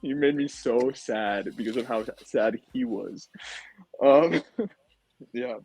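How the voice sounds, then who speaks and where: A young man talking as a podcast guest, telling his story in an animated, casual way, full of "like" and "dude". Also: slow, breathy edge, poor audio. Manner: animated storytelling, acts out quotes in high voices; says "like" and "dude" a lot. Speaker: podcast guest, former contestant.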